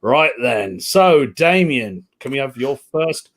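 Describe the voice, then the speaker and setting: A man hosting an online pun contest in a relaxed, casual way over a video call. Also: mid-range voice, slow pace.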